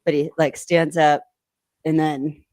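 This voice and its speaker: A woman's voice: sits low, level tone, slow, darkish tone, no echo. Chatty woman recapping a show. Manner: rambling, recaps scenes with quoted lines. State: coughing, clearing throat. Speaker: podcast co-host. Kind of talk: casual episode recap chat.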